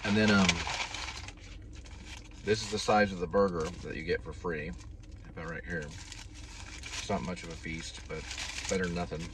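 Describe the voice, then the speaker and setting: Brief: deep-voiced male delivery driver, rambling mid-meal, heard through a distant camera mic with a noisy car behind him. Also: steady tone, moderate pace, long pauses. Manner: rambling, talks while chewing. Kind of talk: casual eating vlog.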